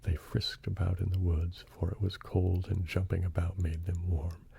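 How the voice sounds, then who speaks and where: A man reading a bedtime story in a soft-spoken ASMR style, hushed and partly whispered. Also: deep voice, little pitch movement, moderate pace, gravelly, breathy edge.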